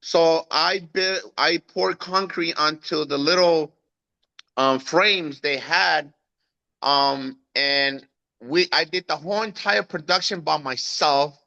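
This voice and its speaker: Bright-voiced man telling his story. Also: takes it slowly, vocal fry, muffled recording. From Guatemala. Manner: animated, acts out quoted voices with raised pitch. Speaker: guest. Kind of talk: storytelling in an interview.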